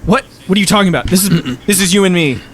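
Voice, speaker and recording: A man's voice: high-pitched, expressive, quick pace, a little hiss or hum, voice pushed up. A man voicing a timid, shaken young man who stutters and pleads during a tabletop game. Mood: frightened. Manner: stammering and pleading.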